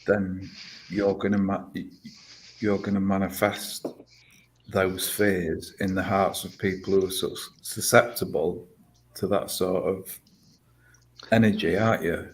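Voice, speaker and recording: A man's voice: sits low, fairly even intonation, rough recording. A man in casual stream chat, rambling and swearing as he talks things through. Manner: rambling, swears a lot, slow and emphatic.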